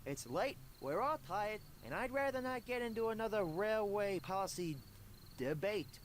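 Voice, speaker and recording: Fed-up new york train engine, guy doing it, goes up high when annoyed. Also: lively intonation, normal speed, slight background noise. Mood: exasperated. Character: frustrated male engine, New York-ish.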